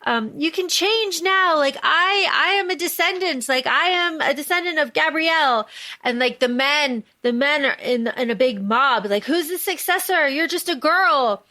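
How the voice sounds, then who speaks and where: A woman co-hosts a casual book podcast, recapping the story with animated energy and frequent swearing. Her voice sits a little high and carries a bright, forceful edge. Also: moderate pace. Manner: animated, swears freely, recaps plot excitedly. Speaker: podcast co-host.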